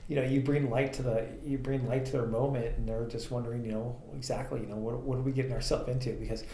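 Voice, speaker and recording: Fast-talking man telling rambling stories. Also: mid-range voice, level tone, warm tone. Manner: rambling anecdotes with many fillers. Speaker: podcast co-host, transportation business owner. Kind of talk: casual storytelling chat. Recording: echoey room with faint ambient noise.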